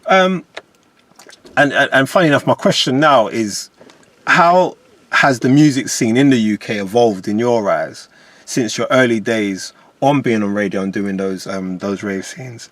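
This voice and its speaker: A man hosting a podcast interview, asking measured questions and backing his guest with short affirmations. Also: mid-range voice, fairly bright tone, no echo. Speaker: podcast host.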